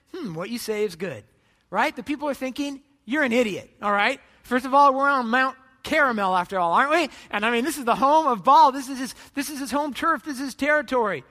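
High-voiced, animated male preacher. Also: big-room sound. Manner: animated storytelling, acts out voices. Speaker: pastor. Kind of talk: sermon.

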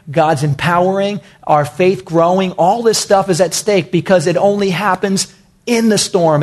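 A male pastor preaching with a slightly higher voice. He repeats short phrases for emphasis and calls his listeners "guys". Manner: emphatic and repetitive, talks to the congregation as "guys". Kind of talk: sermon.

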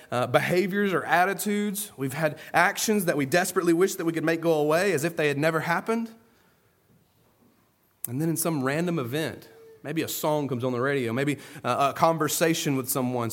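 A man preaching an earnest sermon, moving between soft, low asides and loud, emphatic stresses. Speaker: pastor.

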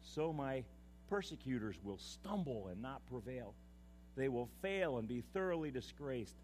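A man preaching a sermon, impassioned, swinging from loud declaiming to hushed, confiding tones. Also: mid-range voice, very animated, measured pace, soft background music. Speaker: pastor.

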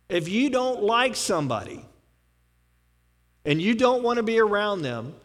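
A man with a notably high voice gives a casual, folksy sermon in a church sanctuary. He leans on rhetorical questions and repeated punchlines. His words ring out in a hall with a long reverb. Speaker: pastor. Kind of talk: conversational sermon.

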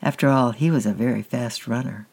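A man narrating a storybook with a calm, steady reading. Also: mid-range voice, a little fast, breathy edge.

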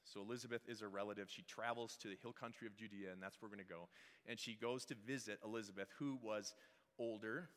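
A middle-aged man gives a relaxed, conversational sermon, joking with the congregation and tossing questions to the room. His voice is bright and forward, and it carries a long reverb from the church hall around him. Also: lowish voice, fast. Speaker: pastor. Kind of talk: casual sermon.

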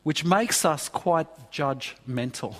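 Earnest preacher in a reverberant church. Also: male voice, on the high side, expressive, slow. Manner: earnest, emphatic, with repeated restarts. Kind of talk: sermon. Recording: long hall reverb.

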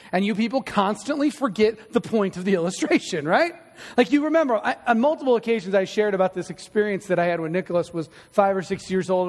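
A man's voice: high-pitched, in a large hall. A middle-aged male pastor preaching a sermon in a church, conversational and storytelling, with self-deprecating humor. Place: church sanctuary.

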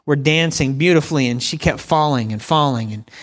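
A middle-aged man delivers a sermon in a conversational way. His voice sits a little high, and he keeps calling on the congregation to repeat lines back to him. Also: a little fast. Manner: conversational preaching with congregation call-and-response. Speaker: pastor.

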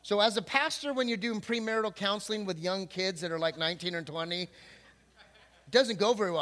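A man's voice: high voice, brisk. A middle-aged man, a pastor, telling stories in a humorous sermon and acting out quotes in playful voices. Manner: jokey, animated, acts out quotes in voices. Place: church before a congregation.

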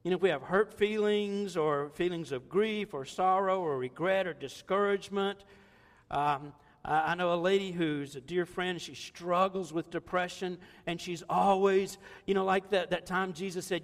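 A man's voice: high-pitched, moderate pace, long reverb tail. A man in his sixties preaching a sermon in a conversational, joking way, laughing often. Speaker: pastor.

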